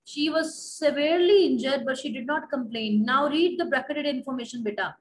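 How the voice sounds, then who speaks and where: A woman teacher with an Indian English accent and a high voice reads a story passage aloud, then stops to retell it simply for her students. A faint hiss sits under her voice. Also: fairly quick, hardly any pauses, rough recording. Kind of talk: reading and explaining a story to a class.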